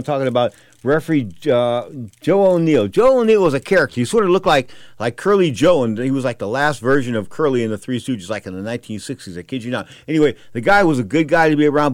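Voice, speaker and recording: A man hosting a boxing radio talk show, telling stories with animated asides and repeated catchphrases. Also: medium pitch, no room sound, studio quality. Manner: animated storyteller, repeats "I kid you not".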